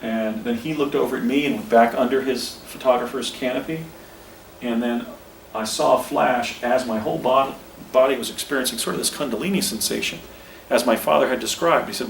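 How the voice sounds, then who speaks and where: A man's voice: medium pitch, brisk, gravelly. Man in his 50s rambling thru a story outdoors, far from the mic, echoey. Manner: rambling, self-correcting, pointing things out. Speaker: speaker recounting an experience. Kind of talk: casual storytelling on location. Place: outdoors at a historic site. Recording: distant, echoey, faint outdoor noise.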